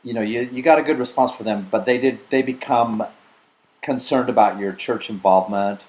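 A man interviewing, asking short, gently probing questions. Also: medium pitch, a little fast, rough recording. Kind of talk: oral history interview.

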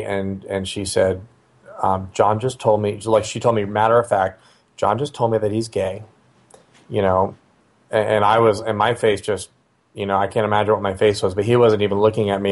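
A middle-aged man, a father, telling a personal family story in a casual, conversational way, often pausing with fillers and restarting his sentences. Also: lowish voice, level tone.

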